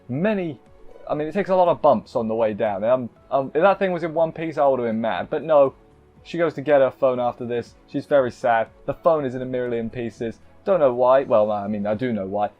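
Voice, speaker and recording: A man's voice: mid-range voice, highs cut off. Man rambling through an anime recap. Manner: rambling, self-interrupting, playful asides. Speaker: anime reviewer. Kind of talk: casual episode recap.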